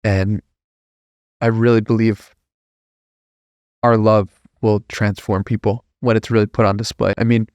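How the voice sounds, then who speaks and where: A man guesting on a podcast, telling a personal story in an earnest, heartfelt way that grows animated. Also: fairly low pitch, measured pace, pauses often, no echo.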